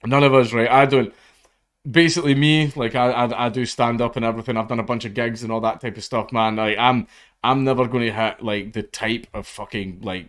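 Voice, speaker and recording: A man giving blunt, profane, casual commentary and retelling a story. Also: on the low side. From Scotland. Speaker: commentary host.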